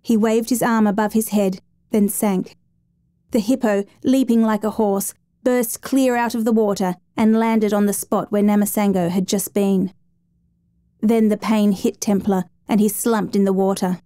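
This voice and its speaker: A woman reading a dramatic true story as a steady, measured narrator. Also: mid-range voice, no echo.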